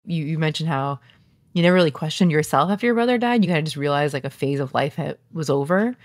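A woman's voice: sits low, animated, fast, dry recording. A woman hosting a podcast, speaking in a thoughtful, reflective way in a casual interview. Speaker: podcast host.

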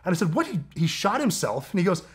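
A man as a guest on a casual interview show, spinning a long tale and laughing often. His voice sits a bit high for a man, and he jumps into quoted lines with sudden energy. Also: fast, background noise. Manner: animated storyteller, laughs often, mimics people in quotes.

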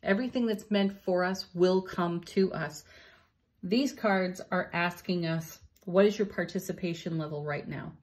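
Female card reader, lower pitch, gentle encouraging delivery. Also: moderate pace. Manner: gentle, encouraging, laughs softly between cards. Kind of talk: spiritual card reading.

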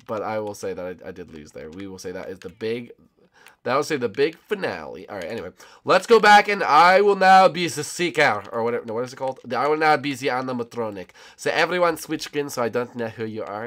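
An excitable man narrates a hide-and-seek game for his channel, his pitch swooping up and down as he goofs around. His voice is bright, and he keeps slipping into silly voices and playful threats. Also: a little fast. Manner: goofy, jumps into silly high voices and mock threats. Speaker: gaming YouTuber.

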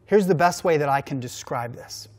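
Earnest man preaching a sermon. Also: lively intonation. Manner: earnest storytelling, dropping low and slow for emphasis. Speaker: youth minister.

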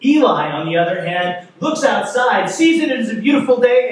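High-voiced pastor in an echoing church. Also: male voice, moderate pace, hardly any pauses. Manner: storytelling, animated in places, conversational. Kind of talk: sermon. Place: church sanctuary. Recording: echoey sanctuary, mic far off.

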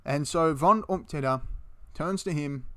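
A history video host with a smooth, slightly high male voice tells a battle story at a measured pace. He's animated and casual, swearing freely and acting out the quotes in character.

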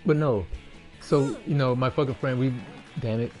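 A man's voice: medium pitch, moderate pace, darkish tone, soft background music. Rambling, foul-mouthed male streamer. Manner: rambling, heavily profane, frustrated outbursts. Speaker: game streamer. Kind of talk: casual chat while playing.

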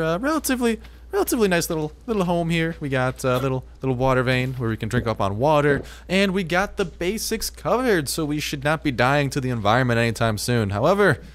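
A man in his hyped, chatty let's-play commentary, often restarting phrases as he plays, recorded on a desktop microphone at home. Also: on the high side. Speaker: gaming YouTuber.

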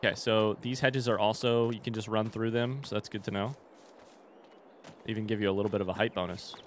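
A man's voice: lowish voice, fairly even intonation, brisk, slight background noise. A young man chatting casually with his live chat while playing a farming game, swearing now and then. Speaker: streamer. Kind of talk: casual live-stream gaming commentary.

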